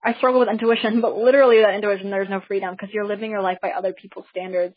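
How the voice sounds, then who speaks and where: Woman host, chatty and eager, husky tone, muffled call recording. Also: medium pitch, level tone, racing. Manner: enthusiastic, chatty, with restarts. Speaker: host of a teleseminar. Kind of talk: casual talk to listeners on a call.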